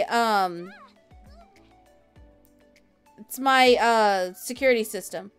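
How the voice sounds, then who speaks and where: A woman's voice: sits high, clean tone. A woman live streamer chatting casually from home while she plays a game, rambling as she answers viewers' messages.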